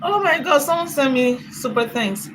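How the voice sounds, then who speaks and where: A woman's voice: high-pitched, expressive, moderate pace, fairly bright tone, a little hiss or hum, poor audio. A woman with a Nigerian accent, chatting and commenting on a live stream, laughing often and thanking viewers for donations at length.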